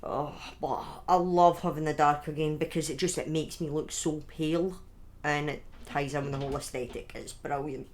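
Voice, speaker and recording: A woman chatting casually to her viewers on a live stream from home, excitable and thanking people by name. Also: low-pitched, normal speed, a little hiss or hum. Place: at home in front of a webcam.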